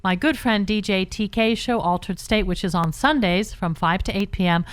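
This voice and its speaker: A woman's voice: mid-range voice, normal speed, dry recording. A woman guesting on a radio talk show, chatting casually and mocking herself, with frequent restarts and laughs.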